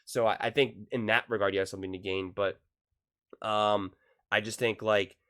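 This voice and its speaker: A man's voice: lowish voice, steady tone, normal speed, a bit bright. Skeptical man rambling through a rebuttal. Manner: skeptical, argumentative, rambling with fillers. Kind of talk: casual reaction commentary.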